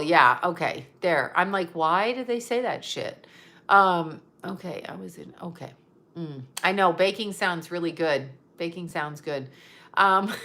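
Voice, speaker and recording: A woman's voice: on the low side, sharp tone. A woman who works as a psychic medium, chatting casually on a livestream, reading viewer comments aloud and answering them in a blunt, profane, rambling way.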